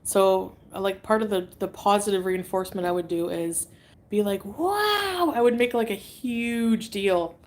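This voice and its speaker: A woman's voice: medium pitch, fairly even intonation, moderate pace, a little mellow. A woman from Canada chatting casually on a livestream, reading out viewer comments, giggly and drifting between topics.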